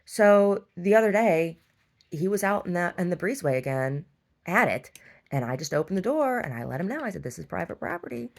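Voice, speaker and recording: This store owner, a middle-aged woman, tells a drawn-out, wandering story with mounting exasperation and lots of restarts. Her voice sits on the low side, animated and a little fast, in a casual monologue.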